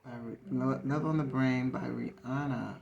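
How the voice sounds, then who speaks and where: A woman's voice: a bass voice, fairly even intonation, normal speed, vocal fry, muffled recording. A woman reading tarot in a casual, conversational way, repeating phrases for emphasis. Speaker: tarot reader. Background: soft guitar music.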